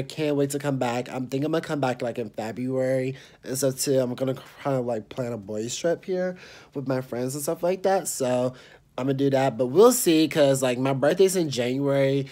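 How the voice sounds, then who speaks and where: A man's voice: medium pitch, fairly even intonation, a little slow, darkish tone. A young man talking casually to his vlog audience, rambling and padding his sentences with fillers. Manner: rambling, heavy on fillers like "and stuff". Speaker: vlogger.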